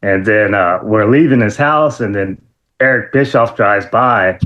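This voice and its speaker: A man guest in an interview, telling stories in a casual, lively way, laughing often and full of fillers and restarts. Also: unhurried, dull audio. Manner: animated, acts out quotes in a high excited voice. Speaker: interview guest, former wrestler.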